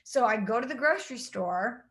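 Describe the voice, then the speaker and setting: A woman's voice: on the high side, normal speed. A young woman from the Midwest, co-hosting a podcast and telling stories in a casual chat, acting out what people said. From St. Louis, Midwest US. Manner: animated storytelling with acted-out quotes. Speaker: podcast co-host.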